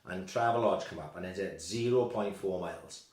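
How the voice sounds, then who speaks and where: A Welsh man telling a sweary, lively anecdote on a casual podcast. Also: low voice, normal speed. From Wales. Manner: animated, sweary anecdotes with quoted voices. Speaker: podcast co-host. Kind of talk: casual storytelling chat. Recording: roomy, echoey room.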